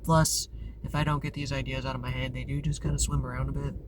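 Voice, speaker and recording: A man's voice: mid-range voice, little pitch movement, fast. Candid rambling man, vehicle noise behind. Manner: rambling and candid, often restarts and corrects himself. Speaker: tarot channel host. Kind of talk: casual confessional talk to camera. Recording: clear background noise with vehicle sounds.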